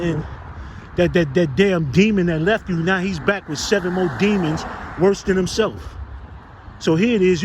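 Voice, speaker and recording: Rambling street preacher man, noisy outdoors. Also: sits high. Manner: rambling, searching for words, cursing, addresses listeners as man and brothers. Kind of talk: informal exhortation.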